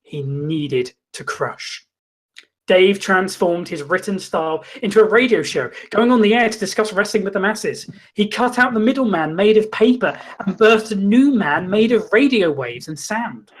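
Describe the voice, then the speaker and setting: A man hosting a comedy show, reading a mock-documentary story in a deadpan, mock-dramatic way. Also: high-pitched. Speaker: comedy host. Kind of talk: mock-documentary comic narration.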